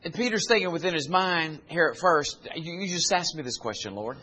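A man preaching a sermon, retelling scripture in plain folksy speech and building to loud, climbing exhortation. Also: fairly high pitch, expressive, a little fast, slightly rough.

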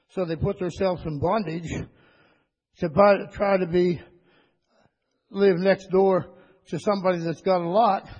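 A man preaching a sermon to his church, rising into high, excited bursts and calling for amens. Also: slightly rough. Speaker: pastor. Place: church sanctuary. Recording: dull lo-fi church recording with long reverb.

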